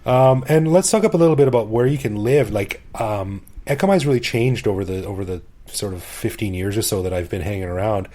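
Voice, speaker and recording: A man's voice: lowish voice, expressive, a little fast, hardly any pauses, dark tone. A middle-aged man co-hosting a podcast, chatting casually and enthusiastically, often laughing and restarting phrases. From expat living in Bangkok. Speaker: podcast co-host. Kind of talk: casual chat.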